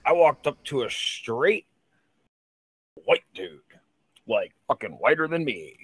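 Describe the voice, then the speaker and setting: Man, casual podcast co-host, lively pitch, dry close sound, loose swearing storyteller. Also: takes it slowly, breathy edge, dry recording. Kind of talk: casual chat.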